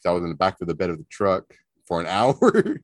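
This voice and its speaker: A man telling a story on a podcast, animated and profane, often laughing. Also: low-pitched, fast, no echo, studio quality. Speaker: podcast co-host. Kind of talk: casual storytelling.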